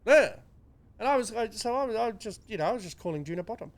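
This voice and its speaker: A man's voice: sits high, animated, quick pace. A man with a New Zealand accent, ranting and joking with crude, sweary sarcasm as a podcast co-host. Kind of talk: crude casual banter.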